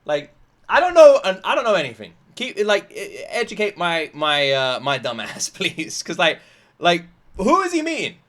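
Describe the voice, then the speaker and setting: Man from Britain, reaction video host, rambling casual talk, fairly high voice. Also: huge pitch swings, normal speed, a bit bright. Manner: chatty, rambling, lots of fillers.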